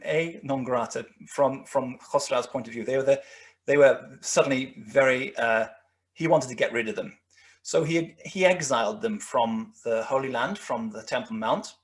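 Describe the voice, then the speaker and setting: A man's voice: medium pitch, fairly bright tone. A man lecturing on history over slides, with many fillers and restarts as he talks. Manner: rambling, frequent restarts and fillers. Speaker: guest lecturer.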